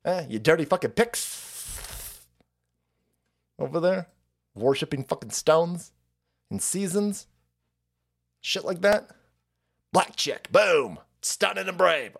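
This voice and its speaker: A man's voice: a little high, big pitch swings. Profane, sarcastic male streamer. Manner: mocks people by putting on quick voices. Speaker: livestream host. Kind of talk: ranting livestream commentary.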